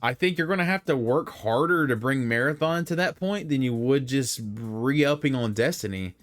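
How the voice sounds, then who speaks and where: A young man talks through his gaming takes in a loose, rambling way, restarting sentences and stacking fillers as he goes. His voice sits at an ordinary middle pitch. Faint music plays underneath. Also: a bit bright. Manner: rambling, conversational, lots of fillers and self-corrections. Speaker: gaming commentator. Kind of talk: casual opinion commentary.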